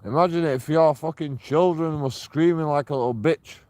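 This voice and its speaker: An angry, profane man ranting and taunting people, recorded outdoors on a dark path at night. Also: a little high, moderate pace, no echo. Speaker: street auditor filming himself. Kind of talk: confrontational vlog rant.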